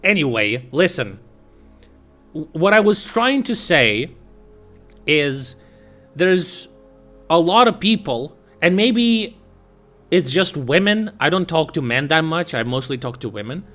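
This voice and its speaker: A man's voice: fairly high pitch, sing-song, slow pace, pauses often, fairly bright tone, soft background music. A young man streaming, telling a story in casual chat with a profane, exasperated, ranting manner.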